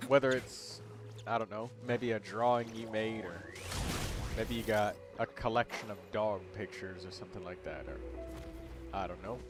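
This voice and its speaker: Brief: male livestream host, lowish voice, easygoing and rambling, chatting over clear game music. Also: normal speed. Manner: relaxed, rambling, with fillers. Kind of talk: casual livestream chat.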